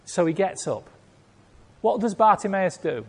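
Dramatic preacher in a reverberant hall. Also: male voice, sits high, animated, measured pace, long pauses, slightly rough. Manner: dramatic storytelling, acts out voices, swings from loud to hushed. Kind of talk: sermon.

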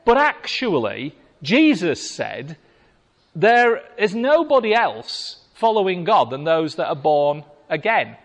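Higher-voiced British male preacher, chatty and wry, lively delivery, long hall reverb. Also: takes it slowly. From Britain. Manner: conversational, wry asides to the congregation. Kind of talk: sermon with scripture reading.

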